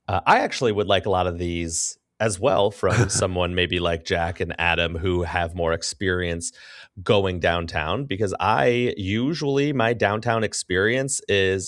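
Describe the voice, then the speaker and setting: A man's voice: sits low, a little slow, fairly bright tone, dry recording, clean studio sound. A man co-hosting a casual podcast, reading listener questions and telling stories with a laugh. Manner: laughing, storytelling, acts out quotes. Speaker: podcast co-host. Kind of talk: casual chat.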